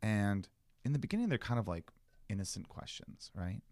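A man telling a long story in casual chat, acting out the people he quotes with big jumps in pitch. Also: very animated, moderate pace, a little mellow, dry recording, studio quality.

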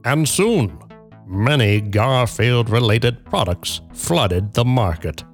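A man hosting a podcast, reading a prepared story in a measured, dry way that builds to punchlines. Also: mid-range voice, expressive, soft background music. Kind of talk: scripted narration with casual banter.

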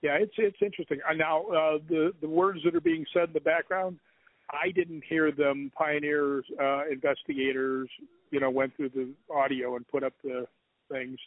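A man with a fairly high voice tells a long, rambling ghost story as an interview guest. He acts out the other people's lines as he goes. The sound is thin and phone-like, with no room at all. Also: normal speed, no echo. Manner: rambling, animated retelling with quoted dialogue. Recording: tinny phone line, dry.

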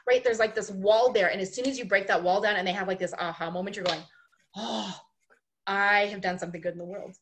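A woman coach talks in a casual podcast interview with a mid-range voice. She tells her stories with emphatic repetition and a lot of energy, and she builds each point in steady, rhythmic steps. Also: medium pitch, fast, noisy background. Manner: animated storyteller, emphatic repetition. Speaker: ice skating coach, podcast guest.

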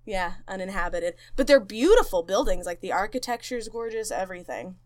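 A woman's voice: mid-range voice, brisk. A woman co-hosting a podcast, casually retelling a haunted-place story with lots of fillers and acted-out quotes. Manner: animated retelling, acts out quotes, many fillers. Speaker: podcast co-host.

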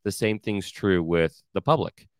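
A man with a very low, smooth, resonant voice speaks in a relaxed, off-the-cuff podcast monologue. He sprinkles in fillers and blunt asides. The sound is dry and close, with no room around it. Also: measured pace, no room sound. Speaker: podcast host.

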